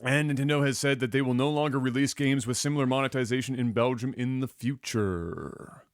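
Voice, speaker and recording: A man hosting a casual gaming podcast, laid-back and quick to laugh as he goes through the news. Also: medium pitch, dry recording, studio quality. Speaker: podcast host.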